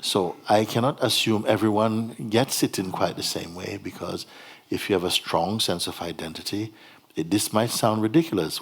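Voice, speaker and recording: Husky gentle spiritual teacher, man. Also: fairly low pitch. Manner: gentle, unhurried, laughs often. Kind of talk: satsang dialogue. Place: hall.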